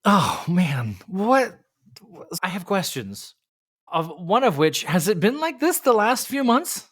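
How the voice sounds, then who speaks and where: A man co-hosting a casual podcast, talking in a fairly high voice. He rants with animated exasperation and laughs easily between points. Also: measured pace. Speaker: podcast co-host.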